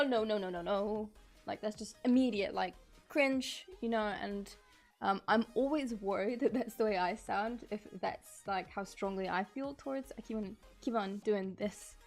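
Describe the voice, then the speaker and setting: A woman streamer talking casually on a live stream, reading out viewer messages as they come in. She laughs often and apologizes easily, her voice sitting at an ordinary middle pitch. Soft music plays faintly in the background. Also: normal speed. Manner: chatty, reads chat aloud, laughs often, apologetic. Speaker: streamer, figure sculptor.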